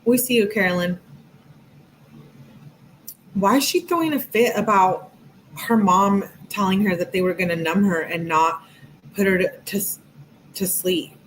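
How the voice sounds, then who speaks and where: A woman hosting a true-crime channel, reading text messages aloud in a plain voice and breaking in with quick, skeptical asides. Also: mid-range voice, a little hiss or hum, rough recording.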